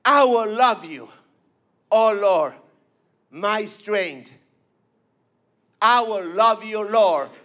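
A man's voice: high-pitched, fairly bright tone. A man preaching a fervent sermon, repeating phrases and calling for responses.

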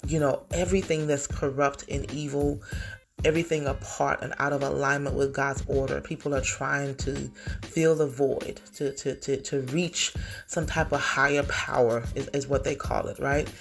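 Woman, podcast host, low gravelly voice, earnest devotional monologue, soft music under her. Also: flat delivery, normal speed. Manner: heartfelt, emotional, teary at times.

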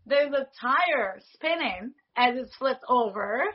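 A woman in her forties, a foley artist, telling stories in an animated way and acting out the dialogue she quotes. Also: high-pitched, slow pace, highs cut off. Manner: animated, acts out quoted dialogue, laughs often. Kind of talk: casual interview storytelling.

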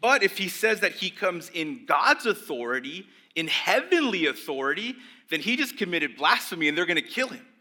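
A young man preaches a sermon in a very bright, forceful voice that sits a little high for a man. He talks in a loose, conversational way, full of asides to the congregation. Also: moderate pace, hardly any pauses. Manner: conversational, animated, acts out voices of religious leaders. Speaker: pastor.

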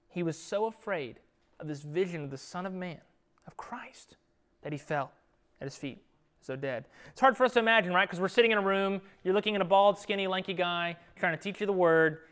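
A man's voice: high voice, fast. Young man casually teaching a Bible study. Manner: conversational, lively, drops to a whisper at times. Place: classroom with a group.

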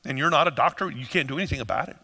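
A man preaching a sermon to his congregation in an animated way, acting out the voices of people in the story. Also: mid-range voice, very fast. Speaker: pastor. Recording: long hall reverb.

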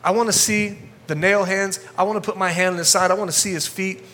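A man's voice: sits high, steady tone, quick pace, sharp tone, in a large hall. A man voicing a skeptical, stubborn male disciple who bluntly refuses to believe. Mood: stubborn disbelief.

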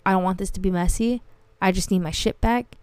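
A woman's voice: medium pitch, brisk, smooth, dry recording. A young woman hosting a podcast, casually telling a story with heavy swearing and frequent laughter. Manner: profane, animated, laughs often. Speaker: podcast host.

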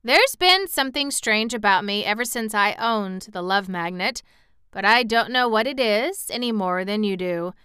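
A woman's voice: mid-range voice, expressive, normal speed, pushed and bright, smooth, dry recording, clean studio sound. A woman reading aloud and voicing a shaggy, good-humoured wandering man in a storybook, wry and reassuring.

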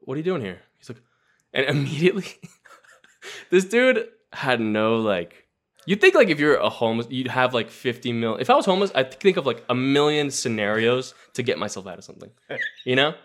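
A man's voice: medium pitch, a little fast. A young man telling a story in casual podcast chat, filling his talk with "like" and acting out what people said. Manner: animated, full of "like", acts out quotes.

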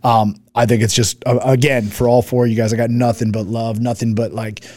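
A man with a mellow, rather dark voice chats casually beside his wife, reacting to viewer comments. He speaks bluntly, swears freely, and wanders through half-finished thoughts. The sound is dry and close. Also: mid-range voice, little pitch movement, brisk, no echo. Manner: rambling, blunt and profane, trails off and restarts. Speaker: co-host, husband.

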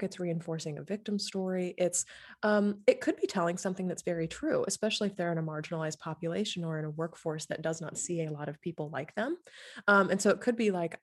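A woman with a slightly low voice talks casually as a grief therapist. She is chatty and animated, tossing in quick asides as she explains her work. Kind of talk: casual podcast conversation.

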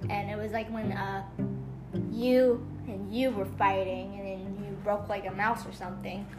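A woman's voice: medium pitch, level tone, moderate pace, over music. A woman in a casual family devotional talk, rambling and acting out the voices she quotes. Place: home.

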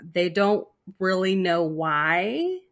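Low-voiced woman telling a story. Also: very animated, drawn-out words, fairly bright tone. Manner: rambling, many fillers and restarts. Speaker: storyteller co-host. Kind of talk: casual podcast storytelling.

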